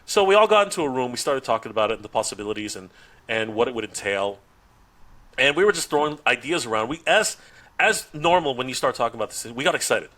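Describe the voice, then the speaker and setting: A man's voice: mid-range voice, fast talker. A man on a podcast, chatting casually and telling a story, acting out the dialogue with frequent laughs and restarts. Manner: animated, acts out quoted dialogue, laughs often, frequent restarts. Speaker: podcast guest, toy YouTuber.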